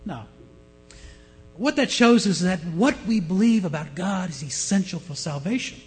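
A man's voice: high voice, animated, normal speed, faint music behind, rough recording. A male pastor preaching an emphatic sermon with a story.

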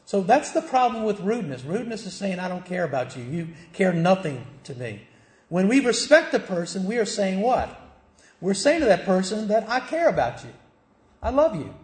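A man's voice: high voice, darkish tone. A middle-aged man from the South, preaching a conversational sermon full of rhetorical questions. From American South. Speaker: pastor. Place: church. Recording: echoey church hall.

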